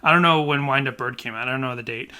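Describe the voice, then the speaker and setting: A man co-hosting a casual podcast, animated and puzzled, often laughing as he talks. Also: mid-range voice, fast talker, clear, resonant tone. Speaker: podcast co-host.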